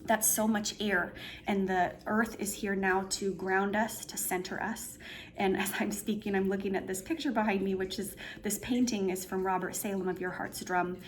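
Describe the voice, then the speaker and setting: With fairly even intonation and a moderate pace, a medium-pitched tarot reader rambles casually through her cards in an indoor room, painting at her back. She often restarts and uses fillers, and slight background noise is audible.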